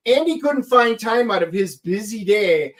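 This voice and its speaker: High-voiced man teasing his co-host. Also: expressive, unhurried, fairly bright tone. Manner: teasing, joking, rambling with restarts. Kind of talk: casual chat.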